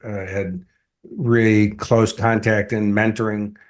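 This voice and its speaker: A middle-aged man, a motivational coach, telling stories in a relaxed interview and acting out the voices of people he quotes. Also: fairly low pitch, slow. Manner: animated storyteller acting out quotes. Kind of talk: conversational storytelling interview.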